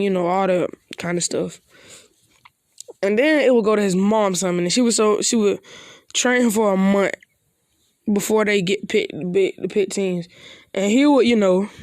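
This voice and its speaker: A woman's voice: mid-range voice, darkish tone, dry recording, clean studio sound. A woman casually telling a made-up fan story in a rambling, loose, slangy way.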